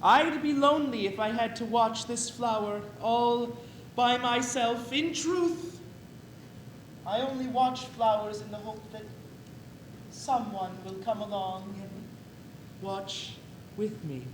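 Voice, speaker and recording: A man's voice: very high-pitched, slow pace. A man playing a lonely flower watcher. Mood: wistful. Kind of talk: stage play. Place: echoey theater stage. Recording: echoey stage recording with faint noise.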